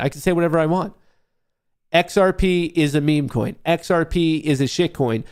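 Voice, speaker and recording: A man's voice: mid-range voice, darkish tone. Profane, mocking young male streamer. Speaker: livestream host. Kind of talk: casual livestream rant.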